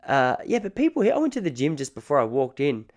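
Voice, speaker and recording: A man's voice: mid-range voice, huge pitch swings, fast talker. An Australian man in his thirties hosting a podcast, telling rambling, joking stories in a casual solo monologue. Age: 30s. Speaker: podcast host.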